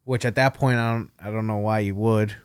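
A man's voice: on the low side, fairly even intonation, a little fast, clean tone, dry recording, studio quality. A man co-hosting a casual podcast chat, joking and rambling while playing clips for the others. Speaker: podcast co-host.

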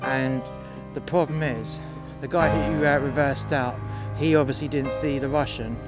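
A man's voice: mid-range voice, fairly even intonation, unhurried, over loud music. A man telling a work story in a blunt, mocking, profane way. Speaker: podcast storyteller. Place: outdoors in freezing cold.

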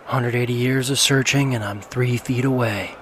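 A man's voice: medium pitch, fairly even intonation, normal speed, fairly bright tone, a little hiss or hum, close to an everyday voice. An actor playing an earnest adult male treasure hunter in a film scene, speaking reverently. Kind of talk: film dialogue. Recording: film clip with score music.

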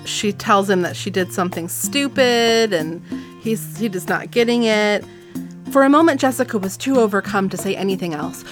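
A woman hosting a casual podcast, chatting about a book series, laughing often and acting out scenes as she retells them. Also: medium pitch. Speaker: podcast host recapping books.

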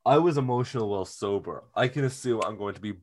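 A young man chatting casually on a podcast, emotional and animated, swearing freely and acting out quotes. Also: on the low side, fast. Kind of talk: casual chat.

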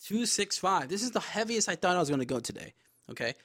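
A young man hosting a podcast, telling a casual story with a lot of swearing and animated bursts. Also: high-pitched, fast talker. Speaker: podcast host.

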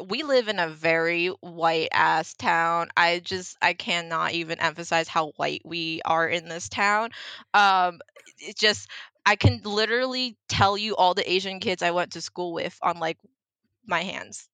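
A woman's voice: on the low side, a little slow, bright, forceful tone, no room sound. A young woman telling a personal story in casual chat, filling her talk with "like". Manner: storytelling, heavy use of "like".

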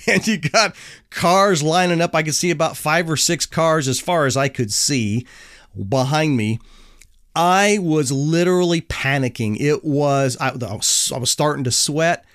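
Animated middle-aged man telling a story. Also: fairly high pitch, unhurried, no echo, clean studio sound. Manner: animated, self-deprecating, chuckling through the story. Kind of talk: casual personal anecdote.

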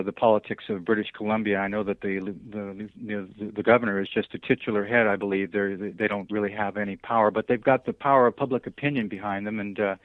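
A man being interviewed over the phone, talking earnestly and haltingly, with many fillers and restarts. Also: on the low side, dry recording. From Southern California. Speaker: guest. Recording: dry, tinny phone line.

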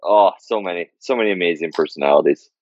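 A man's voice: low-pitched, fast, a little mellow, dry recording, muffled recording. A man in a casual podcast chat, making wry joking asides. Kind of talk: casual chat among friends.

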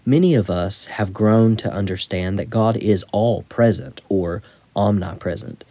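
Slow, mellow-voiced man reading devotionally. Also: fairly low pitch, no room sound. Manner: slow, measured, deliberate reading. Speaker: author reading his own book.

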